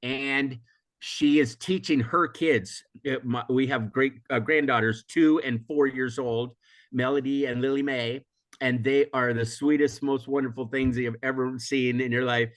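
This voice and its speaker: The interview guest, an older man from the US who teaches emotional intelligence, speaks in a mid-range, steady, unhurried voice. He wanders through his reflections, restarting and correcting himself often and laughing frequently. A recent illness has left him hoarse, and he coughs.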